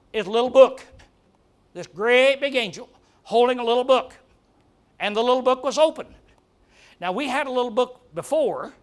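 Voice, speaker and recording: A man's voice: high-pitched, fairly bright tone. A man preaching an earnest, emphatic Bible-study sermon, repeating words for stress.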